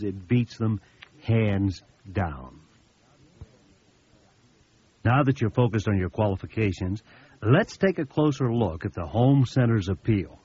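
A man's voice: fairly low pitch, expressive, unhurried, long pauses, a little mellow, slightly rough. A man giving a sales training talk to contractors, folksy and anecdotal, repeating words for emphasis. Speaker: business seminar speaker. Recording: dull lo-fi recording.

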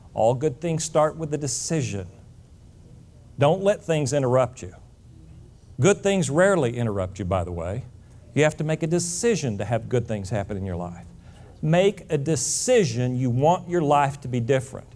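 A man's voice: mid-range voice, a little mellow. Blunt, emphatic middle-aged male speaker. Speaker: motivational speaker. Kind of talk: motivational speech.

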